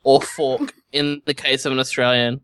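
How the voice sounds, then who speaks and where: A man's voice: mid-range voice, fairly even intonation, moderate pace, fairly bright tone, a little hiss or hum. A man playing in a tabletop game, joking wryly with the others. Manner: wry, joking. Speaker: player.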